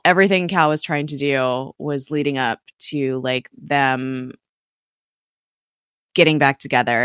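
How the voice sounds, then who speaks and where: A woman with a low voice chats through a TV episode recap. She talks quickly and loosely, with plenty of fillers and small laughs. The sound is dry and close to the mic. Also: sharp tone, clear, resonant tone, dry recording. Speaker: podcast co-host recapping a TV episode. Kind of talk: casual chat.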